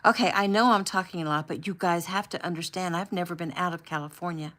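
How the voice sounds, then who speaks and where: A woman voicing an excited, talkative young woman from California in an audiobook, eager and chatty. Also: on the low side, quick pace, natural voice.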